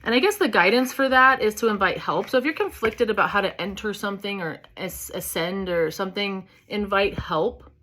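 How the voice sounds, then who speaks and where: A woman's voice: medium pitch, a little fast, few pauses, pushed and bright. A woman giving a casual spiritual reading, chatty and candid, swearing freely and filling her talk with "like" and "you know". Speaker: tarot reader.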